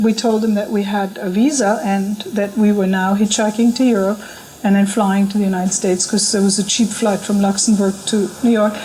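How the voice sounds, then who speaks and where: Animated woman telling a story, laughing. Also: fairly high pitch, low-quality recording. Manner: animated, laughs often, quotes others in lively voices. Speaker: storyteller recalling a spiritual journey. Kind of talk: casual spoken memoir. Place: talk at a spiritual center.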